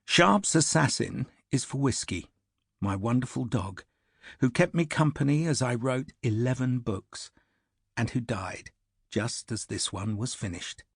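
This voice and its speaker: A man narrating an audiobook in a measured, steady, scripted way. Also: mid-range voice, breathy edge, dry recording, clean studio sound.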